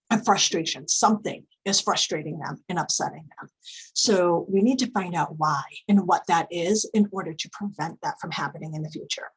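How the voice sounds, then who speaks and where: A woman giving a calm, instructive conference presentation, explaining behaviour strategies with frequent fillers. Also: on the low side, breathy edge, rough recording. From United States.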